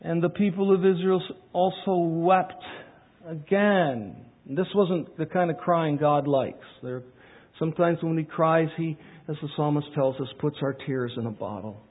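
A pastor preaching a sermon, swinging from loud pleading questions to quiet asides. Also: male voice, on the high side, a little slow. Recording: tinny phone-like sound.

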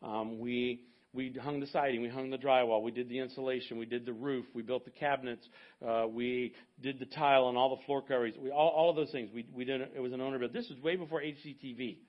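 A man in his fifties, a pastor preaching a sermon and telling a personal story with animated asides to the congregation. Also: mid-range voice, fast talker, lo-fi sound.

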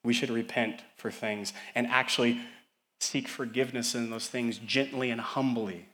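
A man in his young adult years, preaching a sermon as pastor. His delivery is impassioned, lifting into loud, high appeals to the congregation before sinking into hushed, gentle stretches. He sits at a middling pitch for a man. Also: fairly even intonation, normal speed. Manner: impassioned, swinging from loud calls to hushed tender passages.

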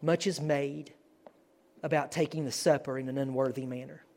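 A man's voice: mid-range voice, fairly even intonation, moderate pace, darkish tone. A man preaching as a guest, earnest and building to emphatic declarations. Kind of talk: sermon.

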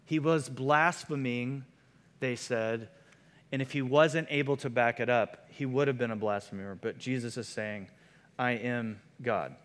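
A man preaching a sermon in a conversational, animated way, with many fillers. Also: medium pitch. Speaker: pastor. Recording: long hall reverb.

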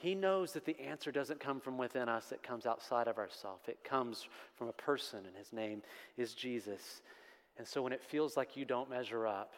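A man's voice: mid-range voice, moderate pace. Man preaching in an echoing hall. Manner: emphatic preaching, rising with repeated refrains. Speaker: pastor. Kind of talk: sermon. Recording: long hall reverb.

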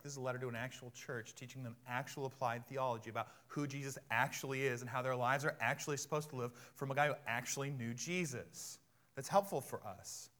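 A male pastor preaching a sermon in a conversational teaching manner, repeating phrases and building to loud, emphatic passages. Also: medium pitch.

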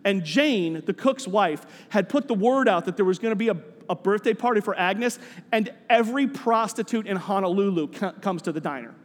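A man tells a story as part of a sermon and brings the people in it to life. His voice is unusually high for a man, and he often repeats words. A long echo from a large hall trails his speech. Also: moderate pace. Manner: animated storyteller, voicing characters, repeating words.

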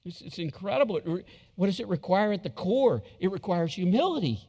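A male pastor with a high, bright-toned voice preaching in a church. He is emphatic, repeats key lines and slips into acted quotes, with a long reverb trailing each phrase around the sanctuary. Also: sing-song, a little fast. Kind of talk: sermon.

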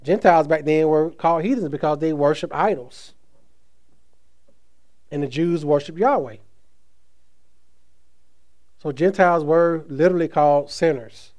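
Man preaching, slow emphatic delivery. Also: fairly high pitch. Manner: preaches with slow emphatic stresses and trailing soft phrase endings; casual asides with fillers. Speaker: pastor. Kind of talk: sermon.

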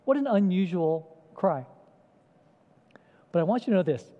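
A pastor with a high, sing-song voice preaches a sermon at normal speed in a conversational style, often putting questions to the congregation. The recording is dull and lo-fi, with the echo of a large hall.

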